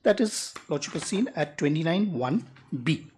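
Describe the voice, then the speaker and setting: An advocate, making a measured, deliberate legal argument in a courtroom and reading rules aloud slowly. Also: medium pitch, animated, a little mellow, slight background noise. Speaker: advocate arguing before a judge.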